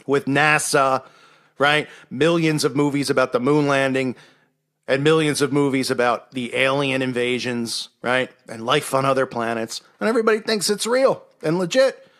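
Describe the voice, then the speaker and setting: A man's voice: mid-range voice, moderate pace, a bit bright. A man hosting a casual monologue show, talking in a sarcastic, mocking way. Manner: sarcastic, mocking impressions of others. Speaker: host.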